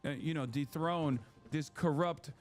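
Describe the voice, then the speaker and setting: Whiny fussy man, as a streamer puts him on, high and nasal-leaning, lecturing and correcting. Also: measured pace, soft background music, close to an everyday voice.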